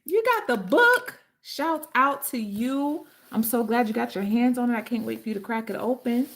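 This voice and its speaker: A woman's voice: fairly high pitch, fairly even intonation, brisk, vocal fry. Chatty woman hosting a livestream from home. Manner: chatty, greets viewers by name; affectionate, calls viewers honey and babe. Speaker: livestream host and author. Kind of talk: casual live-stream chat. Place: home with kitchen and ring light.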